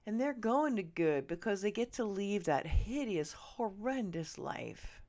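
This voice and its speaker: A woman hosting a podcast, ranting straight at her listeners, swearing freely and swinging from loud outbursts to hushed asides. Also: medium pitch, lively intonation, unhurried. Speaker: podcast host. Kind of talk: ranting opinion monologue. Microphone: earbud listeners, close mic.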